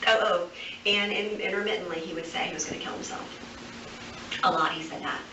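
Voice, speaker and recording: A woman giving a recorded statement to police, rambling on without pause and full of fillers. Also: fairly low pitch. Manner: rambling nonstop, many fillers. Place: police interview room. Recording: echoey, distant, noisy interview room recording.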